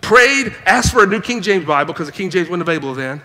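Animated high-voiced male preacher in a hall. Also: fast talker, hardly any pauses. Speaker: pastor. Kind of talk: sermon. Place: church sanctuary.

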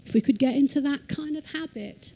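A woman teaching in church, reading scripture slowly and emphatically and leading the congregation to repeat lines. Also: high voice, creaky, warm tone, a little hiss or hum, low-quality recording. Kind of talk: sermon. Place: church hall.

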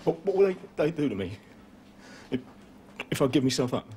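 A man's voice: a little high, sing-song, fairly quick, warm tone, a little hiss or hum. An actor playing a volatile, cornered male poacher holding a hostage, snarling threats and stammering with fear, in a 1980s television police drama. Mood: frightened. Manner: snarling, rough threats turning to fearful stammering.

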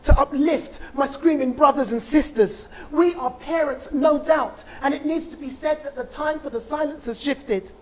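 Speaking in a very high-pitched voice, a man who lost his child recites a spoken-word poem during a conference talk. His delivery is rhythmic and impassioned, marked by dramatic pauses.

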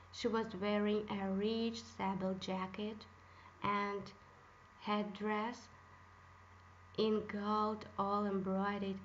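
A woman reading a fairy tale aloud as a storyteller, in a measured way. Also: mid-range voice, slight background noise. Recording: dull lo-fi recording.

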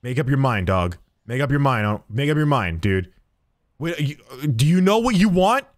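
A man's voice: medium pitch, big pitch swings, moderate pace, dry recording. A man streaming a game live, talking to the characters as a shopkeeper in a jokey, swearing way. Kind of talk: live gameplay commentary.

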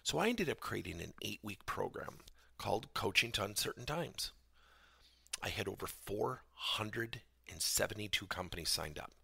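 A man's voice: fairly low pitch, lively intonation, normal speed, creaky, sharp tone, husky, no echo, clean studio sound. A middle-aged man, a business coach hosting a podcast, tells a story and acts out both sides of a conversation.

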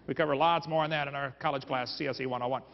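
A man's voice: medium pitch, steady tone, very fast, creaky, slight background noise. A man giving a joking, folksy seminar lecture to a live audience, full of quips aimed at the crowd. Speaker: creation seminar speaker. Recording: dull, reverberant hall recording.

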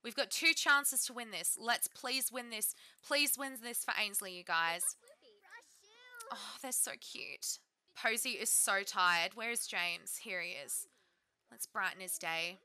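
A woman's voice: medium pitch, unhurried, sharp tone. A woman giving bubbly, chatty let's-play commentary, often talking to her game characters. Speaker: gaming YouTuber.

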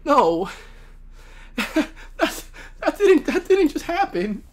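A man hosting a reaction video, yelling and laughing at a cartoon, then talking it over more calmly. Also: extremely high pitch, takes it slowly. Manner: excitable, shouting and laughing, then calmer musing. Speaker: reaction channel host.

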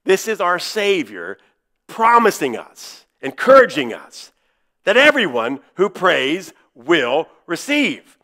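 A man preaching in a church with a high, bright voice that swings widely in pitch. He leans hard on key words, slowing down and repeating them for emphasis. His delivery rises and drops from loud to hushed. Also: wildly swooping pitch. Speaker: pastor. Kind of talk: sermon.

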